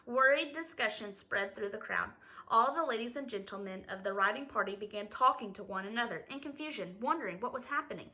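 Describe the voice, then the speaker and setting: Woman reading a chapter book out loud, bright higher voice, expressive. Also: a little fast, rough recording. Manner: expressive, some stumbles. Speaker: reader. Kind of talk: reading a novel aloud.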